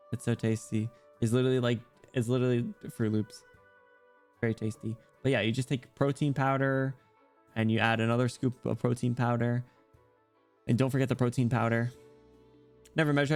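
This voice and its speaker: Guy streamer rambling to chat, jokey and self-deprecating, mid pitch, bit of music low in the back. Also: darkish tone. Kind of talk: casual chat with viewers.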